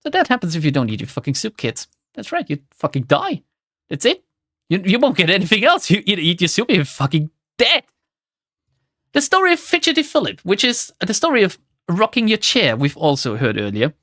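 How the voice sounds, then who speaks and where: Young woman streamer reading to chat, swears a lot, super animated voice, dry sound. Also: lowish voice, brisk, no echo. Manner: sardonic, swears freely, laughing commentary.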